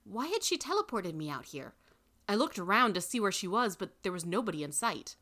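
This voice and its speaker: A woman reading a first-person story aloud in an expressive way. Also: medium pitch, fairly quick. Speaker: reader.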